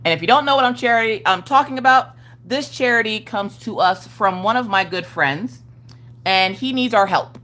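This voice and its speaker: A woman's voice: medium pitch, moderate pace, fairly bright tone. Upbeat woman hosting a livestream. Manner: upbeat, greets viewers by name. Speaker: livestream host. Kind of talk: casual livestream chat.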